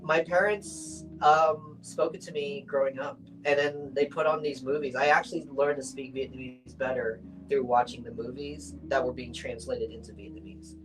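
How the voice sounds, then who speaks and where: A man's voice: medium pitch, normal speed, hardly any pauses, over music, poor audio. Laid-back young man, chatty storyteller. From United States. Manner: relaxed, acts out quoted voices, many fillers. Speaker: artist, interview guest. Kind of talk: casual interview conversation.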